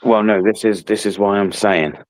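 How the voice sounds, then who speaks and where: Very deep-voiced man, blunt. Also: steady tone, normal speed. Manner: opinionated, repeats himself, casual swearing. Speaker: live stream host. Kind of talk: casual late-night live chat.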